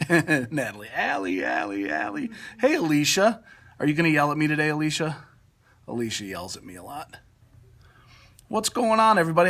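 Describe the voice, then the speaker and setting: A man's voice: fairly high pitch, a bit bright. A man hosting a casual live stream from his photography studio, upbeat and greeting viewers by name with frequent laughs. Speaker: livestream host.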